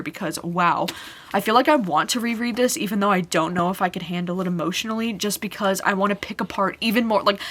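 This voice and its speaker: A woman's voice: medium pitch, a bit bright. A young woman talking straight to camera about a book she loved. She gushes and gets emotional, and her sentences keep looping back on each other with "like" and "you know." She sounds casual and heartfelt, as if chatting with a friend. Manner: emotional, gushing, filler-heavy with "like". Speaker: book vlogger. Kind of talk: casual reading vlog review.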